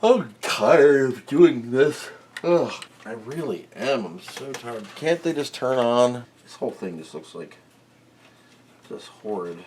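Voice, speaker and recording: A man's voice: mid-range voice, sing-song, measured pace, darkish tone, slight background noise. Rambling man at a repair bench. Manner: rambling, self-mocking, mutters while working. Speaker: electronics repair host. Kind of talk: casual workbench narration.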